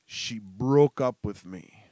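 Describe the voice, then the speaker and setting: A young man telling casual, profane stories that ramble along, with laughter and quick bursts. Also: medium pitch, dark tone, dry recording, clean studio sound. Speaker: storyteller. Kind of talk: casual storytelling.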